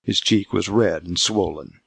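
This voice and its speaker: A man reading scripted narration for an audiobook in a measured, steady way. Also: deep voice, gravelly, husky, dry recording, clean studio sound.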